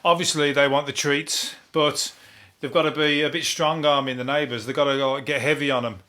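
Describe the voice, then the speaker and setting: A man's voice: a little high, fairly even intonation, fairly quick, bright, forceful tone. A man hosting a comic news monologue, rambling and swearing, laughing at his own jokes. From Birmingham, England. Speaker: comedian podcast host.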